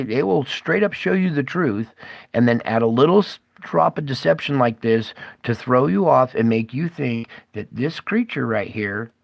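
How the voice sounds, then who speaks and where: A man's voice: mid-range voice, creaky, dry recording. A man rambling as he hosts a conspiracy video, breaking up his talk with questions to the viewer. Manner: rambling, keeps asking "okay?".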